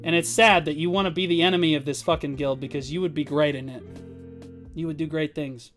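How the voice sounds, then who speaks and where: Over soft background music, a man with a fairly high, fairly bright voice talks fairly quickly and with fairly even intonation. He's a guild leader chatting casually on a livestream, rambling, swearing, and telling boastful stories.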